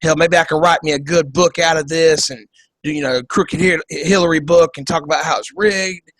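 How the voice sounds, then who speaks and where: A man's voice: fairly high pitch, fairly even intonation, moderate pace, fairly bright tone, no room sound, rough recording. A man doing a smug boastful politician. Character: boastful older male politician, sore loser.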